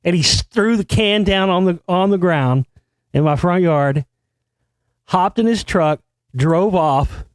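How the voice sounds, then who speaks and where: A man's voice: measured pace, clear, resonant tone, dry recording, clean studio sound. A man hosting a show, telling a crude, boastful party story full of swearing and acting out the people in it. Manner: crude, swaggering, heavy swearing; acts out quotes with sudden loud high outbursts. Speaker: show host. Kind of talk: profane storytelling monologue.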